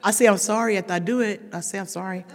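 A woman's voice: mid-range voice, fairly even intonation, quick pace, gravelly. Woman speaker at a recovery meeting; raw, emphatic share addressed to the room; long hall reverb. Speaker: speaker sharing a recovery story.

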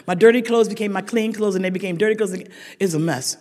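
An older woman sharing a humorous recovery story with a meeting, a lively storyteller who laughs often and rises to shouted emphasis. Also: medium pitch, fast talker. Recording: echoey hall.

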